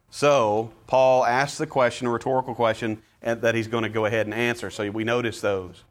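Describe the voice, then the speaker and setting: A man teaching a Bible class in a relaxed, conversational way, asking the class questions with frequent filler words. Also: mid-range voice, brisk, few pauses.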